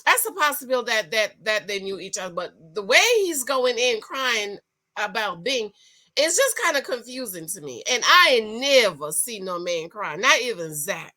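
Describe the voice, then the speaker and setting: Bright-voiced sassy woman reviewing reality TV. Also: fairly high pitch, normal speed. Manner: animated, sassy, repeats and restarts. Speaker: reality show commentator. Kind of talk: casual opinion review.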